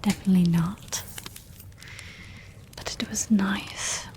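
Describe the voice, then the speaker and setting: A woman streamer speaking in a soft, soothing ASMR whisper and repeating trigger words gently. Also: medium pitch, fairly even intonation, slow.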